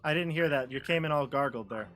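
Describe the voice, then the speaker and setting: A man's voice: a little high, fast, a bit bright. A man acting as dungeon master over a video call, explaining rules in an easygoing, patient way. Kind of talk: running a tabletop game over a video call.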